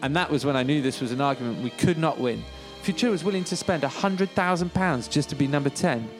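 A man's voice: a little high, fast talker, over music. A man co-hosting a podcast, reading a story aloud with wry, self-deprecating asides. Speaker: podcast co-host reading a memoir.

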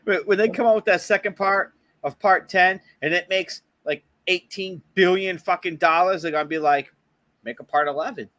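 A man's voice: sits high, fairly even intonation, normal speed, few pauses, a bit bright, no room sound. A young man with a Boston accent, hosting a podcast in casual, swear-filled chat. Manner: swears constantly, laughs often. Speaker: podcast host.

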